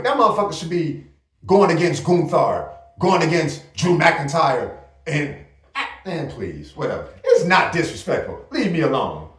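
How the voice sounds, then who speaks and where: Animated, profane man in echoey room. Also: fairly high pitch, far from the mic. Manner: loose, profane, animated rants. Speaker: host. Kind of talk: casual wrestling recap talk.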